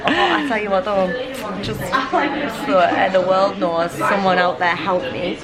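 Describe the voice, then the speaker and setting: A woman's voice: medium pitch, measured pace. Exasperated woman in a noisy cafe. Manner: animated, exasperated storytelling. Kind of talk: casual chat. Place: busy cafe. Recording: loud crowd noise behind. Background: loud crowd chatter.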